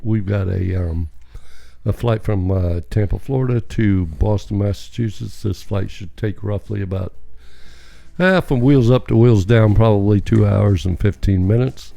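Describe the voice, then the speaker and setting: A man puts on a drunk airline captain making a cabin announcement, slurred and halting, with the words trailing into ums and uhs. The voice is low, gravelly and dark, recorded dry and close. Faint music plays behind him. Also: dry recording. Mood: rambling. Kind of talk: comic improvised sketch.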